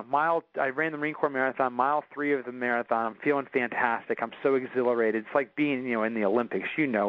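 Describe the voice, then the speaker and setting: A man's voice: medium pitch, no echo. A man as an interview guest, telling a personal story in earnest with frequent restarts. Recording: dull dry recording.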